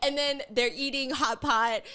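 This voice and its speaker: A woman hosting a casual chat, telling a story in an animated way. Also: high voice, measured pace, clean tone. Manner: animated storytelling, acting out quotes. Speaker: host.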